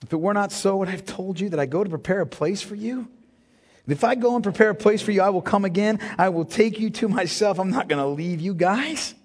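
A man preaching a sermon as pastor, impassioned, swinging from hushed tones to near-shouting and calling his listeners beloved. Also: high-pitched, fairly quick. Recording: long reverb of a large hall.

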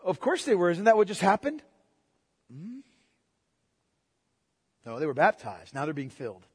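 A man's voice: sits high, very animated, moderate pace, long pauses, breathy edge. A male pastor preaching a sermon with emphatic rhetorical questions and repetition. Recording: long hall reverb.

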